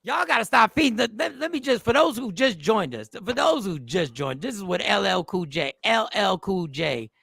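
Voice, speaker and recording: A man's voice: high voice, very animated, normal speed, creaky, hardly any pauses, sharp tone, husky, dry recording. A man hosting a show, joking and reacting to comments in casual comedic talk. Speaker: podcast host.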